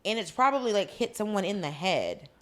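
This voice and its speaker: A woman's voice: medium pitch, sing-song, a little fast, a bit bright. A woman co-hosting a podcast, chatting casually about a drama and quoting the characters. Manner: chatty, adds details and quotes characters. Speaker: podcast co-host. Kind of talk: casual chat recapping a drama.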